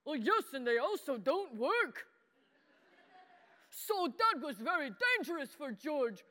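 Childlike boy puppet, high voice, slow delivery, broken grammar, long church-hall reverb. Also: very animated, sharp tone, full character voice. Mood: earnest childish. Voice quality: broken childlike grammar, speaks of himself by name. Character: childlike boy puppet, simple-minded and earnest. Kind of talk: children's sermon puppet show.

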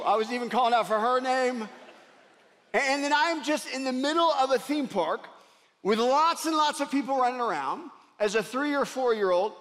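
A man preaching a sermon, telling a personal story in an earnest way that swings from loud to hushed. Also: very high voice. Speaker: pastor. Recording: long reverb of a large hall.

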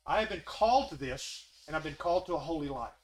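A man gives a casual, earnest sermon, his voice a little high, expressive and quick, though the audio quality is poor. He repeats himself, rises when stressing a point, and softens to a close, near hush when posing questions.

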